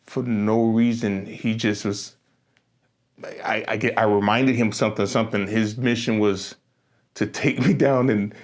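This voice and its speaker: A middle-aged man hosting a podcast interview, an animated storyteller who laughs often and repeats his words as he talks. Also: on the low side, measured pace. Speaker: podcast host. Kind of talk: casual interview chat.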